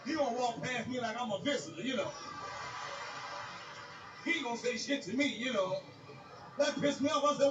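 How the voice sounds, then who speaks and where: A man with a very high voice tears through a profane stand-up routine, loud and animated. He sounds distant from the mic in an echoey room, with clear music behind him. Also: moderate pace, long pauses. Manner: loud, crude, animated ranting. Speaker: stand-up comedian. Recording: echoey live recording from far off.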